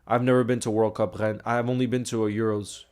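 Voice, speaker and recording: A man's voice: on the low side, flat delivery, quick pace, darkish tone. Young man, livestream host, chatty, greets viewers by name, casual. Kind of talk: casual live-stream chat reading comments.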